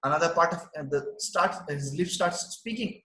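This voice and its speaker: A man teaching, reading a story line by line and explaining it in simple English, with an animated delivery. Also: on the high side, normal speed, reverberant, slight background noise, low-quality recording. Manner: animated, reads text aloud then explains in simple English. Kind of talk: line-by-line literature lesson.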